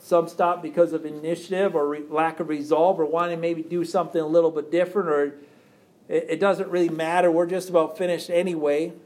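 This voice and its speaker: Earnest preacher man, slightly high voice. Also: darkish tone. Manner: reads scripture aloud then explains it, with repeated rhetorical questions. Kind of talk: sermon.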